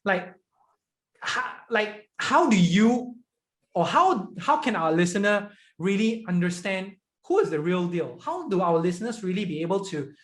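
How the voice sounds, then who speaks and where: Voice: medium pitch, very animated, measured pace. Earnest podcast host in roomy echo. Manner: earnest, repetitive, tags questions with "right?". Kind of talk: podcast interview questions.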